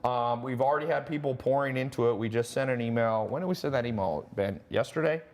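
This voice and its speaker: A man hosting a course livestream, pitching in a brash, joking way and talking fast in bursts. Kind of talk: casual sales pitch livestream.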